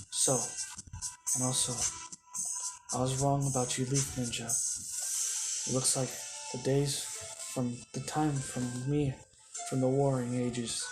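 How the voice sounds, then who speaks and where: A resolute elderly woman elder, solemn and set on her sacrifice, as a man narrating a fan story speaks her part. The delivery stays level and flat, barely set apart from the storyteller's own voice. Music plays clearly underneath. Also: medium pitch, lightly acted, low-quality recording. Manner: plain retelling voice, hardly changed for the figure.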